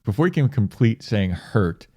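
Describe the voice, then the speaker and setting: Animated man retelling a film scene. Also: lowish voice, normal speed, no room sound, clean studio sound. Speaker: podcast co-host. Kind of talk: casual chat.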